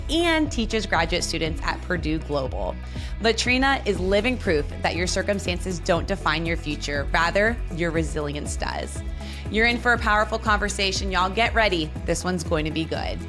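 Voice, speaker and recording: A woman hosting a podcast, reading an upbeat intro and chatting with her guest. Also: medium pitch. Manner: upbeat, friendly, says "y'all". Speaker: podcast host. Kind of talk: podcast interview and scripted intro.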